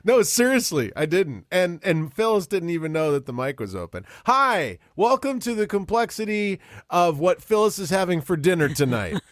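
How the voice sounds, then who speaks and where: A man co-hosts a chatty podcast, and his slightly high voice swings up and down with lively pitch. He jokes, rambles and laughs easily. The sound is dry and close, with no room echo. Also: moderate pace. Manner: jokey, rambling, laughs often. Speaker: podcast co-host. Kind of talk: casual chat.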